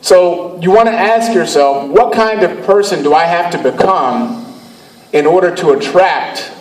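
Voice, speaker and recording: A man from Cleveland, Ohio giving a motivational speech to an audience, emphatic and storytelling, repeating his phrases. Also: fairly high pitch. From Cleveland, Ohio, USA. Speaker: motivational speaker. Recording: echoey, far from the mic.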